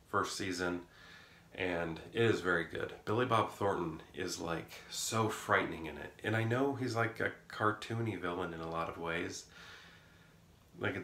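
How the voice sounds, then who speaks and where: A man rambles through a casual vlog. His deep voice has a gravelly fry and a bright edge. He is recorded in an echoey indoor room with faint noise behind him. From rural Midwest of the US. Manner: rambling, musing, self-correcting. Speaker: vlogger.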